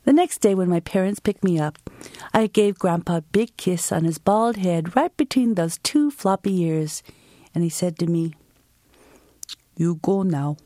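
In a dry recording, an American woman with a mid-range voice answers interview questions and relates a vivid personal story. She speaks slowly and expressively, acting out the quotes.

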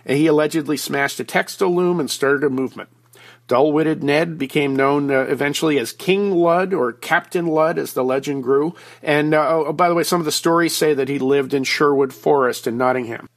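A man with a slightly raised pitch, calling in by phone as a regular commentator. He explains things in a folksy, joking way, with asides to the host. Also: moderate pace. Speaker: regular guest commentator, publisher. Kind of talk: conversational explainer. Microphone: phone line.

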